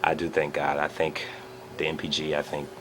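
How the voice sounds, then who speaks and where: A man vlogging an excited personal recap, telling a story with lots of fillers and acting out the quotes. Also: very deep voice, moderate pace, background noise.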